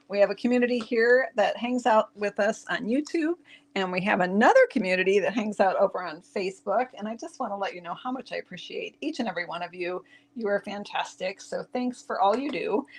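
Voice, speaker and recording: Woman, craft channel host; casual tutorial, chatty and laughing, speaks straight to her viewers. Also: mid-range voice. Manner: chatty, giggly, talks to viewers.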